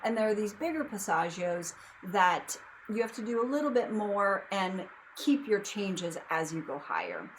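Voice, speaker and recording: Woman, young adult, singing teacher, casual rambling explanations, middle pitch. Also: sing-song, normal speed, a little hiss or hum, poor audio. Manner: chatty, loose explanations with many fillers and asides. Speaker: vocal coach.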